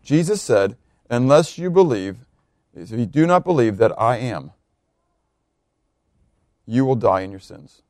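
A man preaching a verse-by-verse sermon, reading scripture aloud, swelling on key words and dropping low, often asking his listeners questions. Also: sing-song, unhurried, pauses often, darkish tone, no echo, clean studio sound. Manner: emphatic, swells on key words then drops low, asks the congregation questions. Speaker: pastor.

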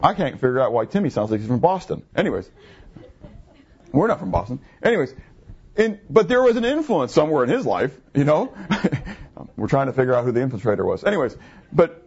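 A man's voice: on the high side, darkish tone, slightly rough. A man in his fifties preaching a conversational sermon, asking his listeners questions and answering them himself. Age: 50s. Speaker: pastor. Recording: muffled, lo-fi recording.

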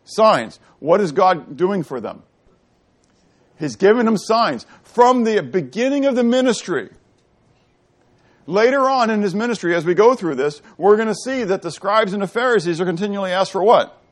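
A middle-aged man preaching a sermon, asking the congregation questions and answering them himself, moving between loud and quiet delivery. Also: high-pitched, lively intonation, moderate pace. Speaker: pastor. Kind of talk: sermon teaching.

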